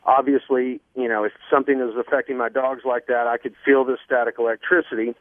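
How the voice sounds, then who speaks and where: A man guest earnestly telling a long personal story on a radio show, halting often with fillers. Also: medium pitch, flat delivery, dry recording. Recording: dry phone line.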